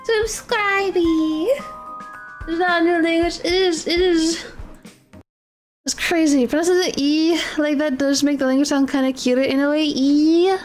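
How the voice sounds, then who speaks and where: High-voiced young woman giggling through a reaction. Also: fairly even intonation, a little slow, a little mellow, soft background music. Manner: giggly, echoes words back, trails off with ums. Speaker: streamer reacting to videos. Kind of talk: casual reaction chat. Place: home room with her cat.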